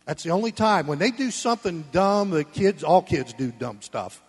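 A man preaching a sermon, blunt and folksy, swinging between loud emphasis and soft asides. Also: high voice, very animated, moderate pace, husky. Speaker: pastor. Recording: long reverb of a church hall.

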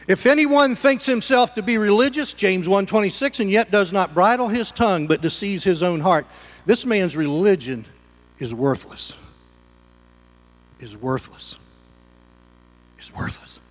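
A man's voice: sits high, lively intonation, normal speed, in a large hall. A man preaching a sermon as pastor, folksy and conversational, with homespun humor.

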